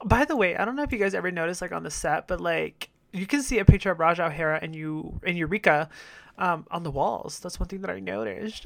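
A woman's voice: on the low side, expressive, brisk, creaky, fairly bright tone, dry recording. A young woman hosting a casual reaction video, chatty and profane, laughing often.

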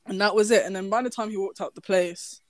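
A young woman telling a story in casual chat, animated, swearing, breaking into laughter. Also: mid-range voice, fast, no room sound.

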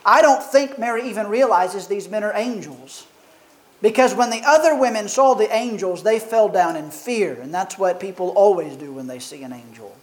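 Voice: mid-range voice, moderate pace, rough recording. A preacher reading a Bible passage aloud and then expounding it in an earnest, reflective sermon with rhetorical questions.

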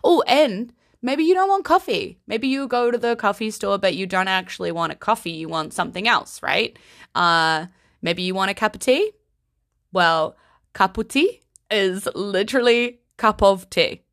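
A woman giving a casual vocabulary lesson in a playful, giggly, unhurried way. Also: medium pitch, animated, a bit bright, no room sound, studio quality. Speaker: language teacher.

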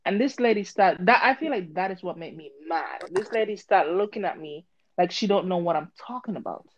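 A woman telling a story in casual chat, animated and swearing, acting out both sides with a voice she calls harsh. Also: lowish voice, brisk, dull audio, slight background noise. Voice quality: harsh-sounding voice.

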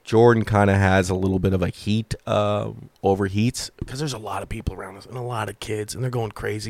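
A man's voice: on the low side, fairly even intonation, fairly quick, few pauses, a little mellow. A man in his thirties hosts his own podcast from home, talking in a loose and rambling way. His stories carry self-deprecating jokes. The sound is dry and close, with no room echo. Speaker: podcast host and stand-up comedian. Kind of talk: casual comedic storytelling.

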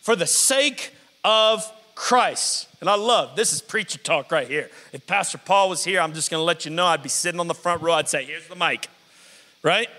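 A man preaching a lively call-and-response sermon, stretching out scripture words for emphasis. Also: a little high. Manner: energetic, drawn-out emphasis on scripture. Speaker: pastor. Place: church sanctuary. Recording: live sermon in a reverberant hall.

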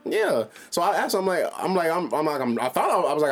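A podcast co-host in his twenties, with a slightly high voice, talks fast while telling a story in casual chat. He's animated, swears freely and laughs through his own tale.

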